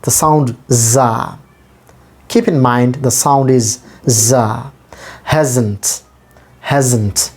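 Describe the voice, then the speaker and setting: Husky guy teaching english pronunciation real slow, spells out each sound, says every word again. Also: mid-range voice, darkish tone. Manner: repeats each word slowly for learners; spells out letters and sounds step by step. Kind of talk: pronunciation lesson.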